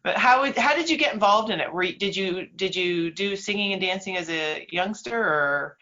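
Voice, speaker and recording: A woman's voice: mid-range voice, expressive, normal speed, pushed and bright. A woman hosting an interview over a video call, asking friendly questions and laughing easily. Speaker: host. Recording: dull lo-fi call audio.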